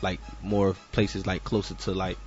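A man guesting on a casual show, rambling and halting, often repeating words. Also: low-pitched, little pitch movement, darkish tone. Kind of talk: casual chat. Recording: dull lo-fi sound with faint music.

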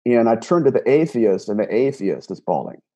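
A man being interviewed, retelling a personal encounter in an animated way, often restarting and repeating words. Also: medium pitch, brisk, highs cut off. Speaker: guest, paranormal investigator. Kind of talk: storytelling interview.

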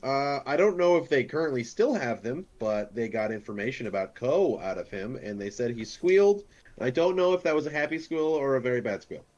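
A man's voice: medium pitch, lively intonation, fairly quick, a little mellow, highs cut off. A man playing a tabletop game, describing his character's actions in a joking, rambling way. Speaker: player. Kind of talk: casual tabletop play.

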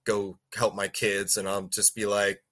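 A man's voice: fairly low pitch, level tone, measured pace, fairly bright tone. A man in casual podcast chat, rambling and stumbling over his words with frequent laughs.

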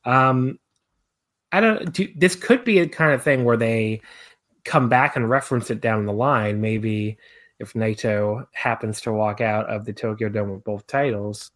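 A man's voice: lowish voice, unhurried, fairly bright tone. A young man co-hosting a podcast in casual chat, rambling with many fillers and restarts. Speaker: podcast co-host.

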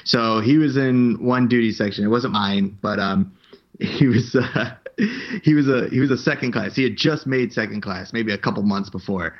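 A man's voice: on the low side, normal speed, lo-fi sound. A man casually telling a rambling, profane story, raising his voice to act out what others said. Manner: rambling, profane, acts out quotes in a raised voice.

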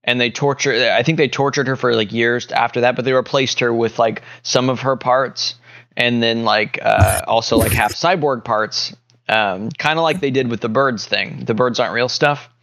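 A man on a podcast chatting casually, rambling and halting with many fillers as he spins a joke theory. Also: medium pitch, fairly even intonation, a bit bright. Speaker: podcast co-host. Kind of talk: casual chat.

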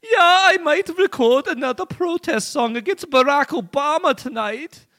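A man putting on a high-voiced smug German tycoon. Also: expressive, moderate pace, bright, forceful tone, heavily acted. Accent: put-on German accent. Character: man, put-on German file-sharing mogul, high and smug.

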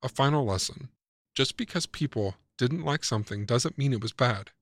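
Calm man narrating a reflective essay. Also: medium pitch, dry recording. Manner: calm, measured, persuasive. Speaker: commentator.

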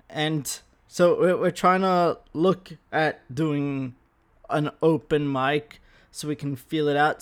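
A man's voice: fairly high pitch, clean tone. A young Australian man hosting a podcast, ranting casually and profanely into a microphone with bursts of laughter. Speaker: podcast host. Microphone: studio microphone.

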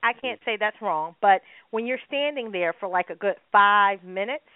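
Woman co-host in casual talk, lively and emphatic, heard through a narrow phone-like band. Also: mid-range voice, normal speed, smooth, no room sound. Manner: animated, laughing, emphatic. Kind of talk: casual chat. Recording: tinny phone-like sound, dry.

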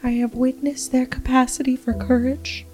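A woman guest on a comedy podcast, speaking in a quiet, dry, deadpan way. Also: high voice, normal speed, faint music behind.

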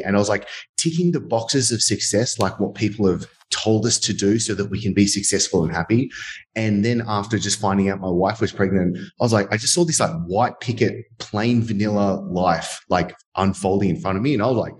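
Very deep-voiced Australian man. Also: fairly quick. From Sydney, Australia. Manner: candid, uses many fillers like "like" and "uh". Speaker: guest. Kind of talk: storytelling interview.

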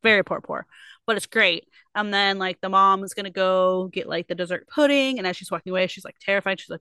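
A young adult woman co-hosting a casual book club podcast, retelling a story with lots of fillers and quick put-on quotes. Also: medium pitch, pushed and bright, clear, resonant tone, no echo. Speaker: podcast co-host.

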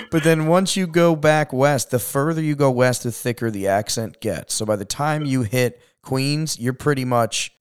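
A man from Long Island hosting a casual podcast interview, chatty and upbeat, often trailing off quietly. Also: mid-range voice, a little slow, clean tone. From Long Island, New York. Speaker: podcast host.

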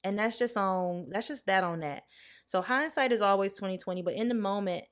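A woman's voice: mid-range voice, brisk. A woman in her late twenties hosting a reflective solo podcast, talking candidly and heartfelt, speaking straight to her listeners. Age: late 20s. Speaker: podcast host.

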